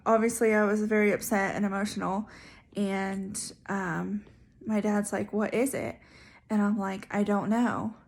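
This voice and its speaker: A young woman telling a personal story in a chatty way, with many fillers and asides. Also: mid-range voice. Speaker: vlogger sharing her story. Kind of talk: casual storytelling.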